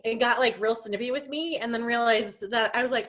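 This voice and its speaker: Over a video call, a young woman runs a casual training session for her sales team, chatting away with lots of fillers, false starts and jokes at her own expense. Her voice sits on the high side and sounds a bit bright, with a steady tone and a moderate pace.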